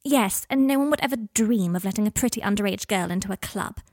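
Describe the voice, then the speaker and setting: A woman reading a story, voicing a defiant, sharp-tongued teenage girl with a higher, scornful voice. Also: fast, no echo, studio quality, lightly acted. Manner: scornful, sulky.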